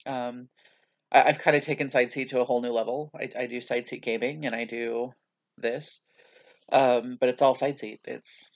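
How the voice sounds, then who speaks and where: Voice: medium pitch, steady tone, moderate pace, highs cut off. A vlogger talking through a casual video journal, rambling and self-mocking, with many hesitations and restarts.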